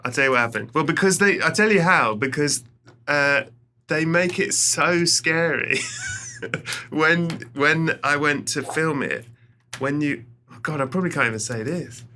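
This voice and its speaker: A middle-aged English man, a podcast guest, telling stories with lively acted-out quotes. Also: a little high, measured pace, a little hiss or hum. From England. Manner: animated storyteller, acts out quoted lines. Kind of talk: casual podcast chat.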